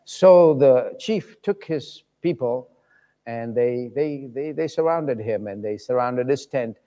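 A man preaching a sermon, telling stories with lively voices for the people in them. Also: mid-range voice, slow pace. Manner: animated, acts out voices in stories. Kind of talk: sermon storytelling. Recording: long reverb of a large hall.

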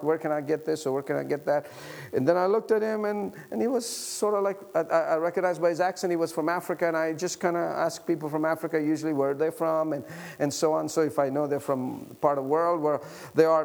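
A man preaching a sermon, swinging from loud exhortation to quiet prayer and chatty stories with the congregation. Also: vocal fry. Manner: swings from loud, high exhortation to soft, low intimate prayer; conversational storytelling with congregation asides.

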